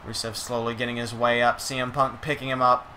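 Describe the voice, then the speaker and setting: A man's voice: medium pitch, flat delivery, brisk, bright, forceful tone, a little hiss or hum. A young man streaming a game, giving casual play-by-play commentary with chatty, self-correcting, playful asides.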